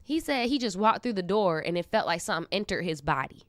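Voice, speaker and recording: A woman's voice: lowish voice, sing-song, quick pace, fairly bright tone, no room sound. A young adult woman hosting a casual storytime, reacting with slangy, candid commentary and laughing asides. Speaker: storytime host.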